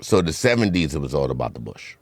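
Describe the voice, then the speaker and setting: Low-voiced man telling a lively story. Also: quick pace, dry recording. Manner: animated storytelling with squeaky impressions. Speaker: podcast host. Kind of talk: casual chat.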